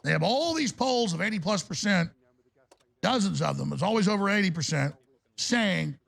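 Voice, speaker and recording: A male talk radio host delivering a heated, ranting monologue in a gravelly voice. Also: high-pitched, expressive, normal speed, a bit bright.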